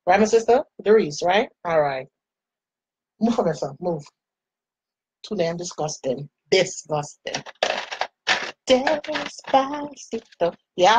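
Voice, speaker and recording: A woman's voice: fairly low pitch, background noise. A woman in her forties chatting playfully with viewers while she does her makeup. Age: 40s. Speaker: makeup vlogger. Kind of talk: casual chat while doing makeup.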